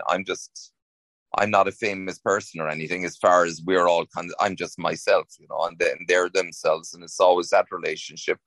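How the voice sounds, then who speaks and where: An Irish actor talks casually as an interview guest, rambling and restarting his sentences. His voice is low and gravelly. The sound is dry and close. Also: a bit bright, dry recording.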